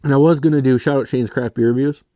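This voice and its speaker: A man's voice: mid-range voice, fairly even intonation, fast talker, warm tone, no echo. A young man from Michigan hosting a casual solo beer review, rambling and self-deprecating, full of "like" and "kind of". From Michigan, USA. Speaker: beer reviewer, show host.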